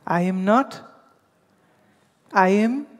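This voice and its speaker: A woman gives a spiritual teaching, weaving in anecdotes and speaking straight to her listeners. She talks slowly and deliberately. A long hall reverb trails each phrase. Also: medium pitch. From India. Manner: storytelling, addressing listeners directly.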